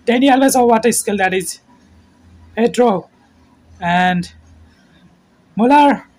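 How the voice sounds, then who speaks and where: A man with a high-pitched voice calls a football match slowly, in short bursts that mostly just name players. When a goal goes in, he raises his voice.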